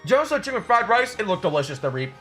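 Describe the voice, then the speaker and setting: A man's voice: high-pitched, very animated, fast, bright, forceful tone, soft background music. A man chatting casually with his live stream chat, reading out and answering messages. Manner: chatty, reads chat aloud, upbeat. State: chewing food at times. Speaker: livestreamer.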